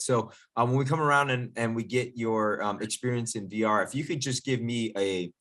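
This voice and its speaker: A man's voice: lowish voice, fairly bright tone. A man as a DJ instructor, leading a casual online workshop in an upbeat, chatty, jokey way over a video call.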